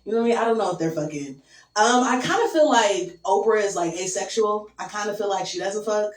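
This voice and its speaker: A young woman doing a stand-up set, crude and deadpan, with lots of "um" and "like". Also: medium pitch, a little fast. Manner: crude, deadpan, filler-heavy. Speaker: stand-up comedian. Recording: echoey room from far off.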